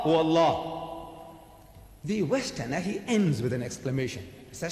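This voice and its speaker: Fairly high-voiced man giving an emphatic, rhetorical sermon-style lecture, in a long echoing hall. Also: very animated, fairly quick, darkish tone. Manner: emphatic, rhetorical, asks and answers his own questions. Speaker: preacher lecturing an audience. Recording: echoey hall recording.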